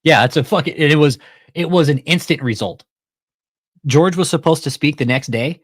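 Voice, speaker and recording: Fairly high and a little breathy, this man's voice moves at a normal pace in a dry, studio-quality recording. Hosting a casual commentary show, he swears freely and acts out both ends of a phone call he's recounting.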